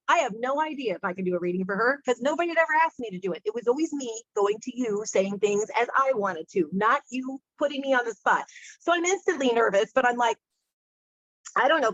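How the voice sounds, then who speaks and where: A woman speaker and medium telling stories in a chatty, animated way, acting out the people she quotes. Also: fairly high pitch, quick pace, dry recording. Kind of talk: casual storytelling talk. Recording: dull muffled sound, dry room.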